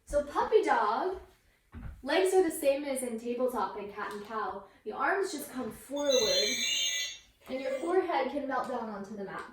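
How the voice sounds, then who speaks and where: A woman's voice: sits high, animated, normal speed. A young woman teaching a yoga class with a toddler, playful and sing-song, breaking into animal sounds. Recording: very echoey room, mic at a distance, faint noise.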